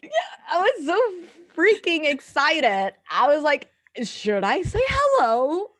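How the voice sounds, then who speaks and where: A young woman guest on a podcast, telling stories with giggly excitement. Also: high-pitched, takes it slowly, dry recording. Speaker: guest wrestler. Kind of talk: casual interview chat.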